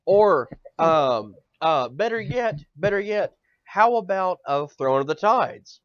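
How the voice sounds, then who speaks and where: A man's voice: a little high, animated, takes it slowly, dry recording. A male podcast host ranting in casual chat, swearing often and stammering over repeated words. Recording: dull dry lo-fi audio.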